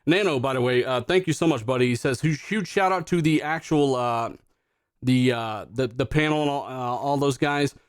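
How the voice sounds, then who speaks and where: A man's voice: medium pitch, moderate pace, clear, resonant tone, dry recording, studio quality. A man hosting a live gaming podcast, talking loosely with lots of fillers and some swearing. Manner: loose, profane, rambling with fillers. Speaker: podcast host. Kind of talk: casual live-stream chat.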